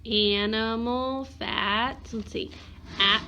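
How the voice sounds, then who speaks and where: A woman's voice: a little high, fairly even intonation, extremely slow, pushed and bright, slight background noise. A woman teacher giving a one-on-one phonics lesson, patiently sounding out letters and words.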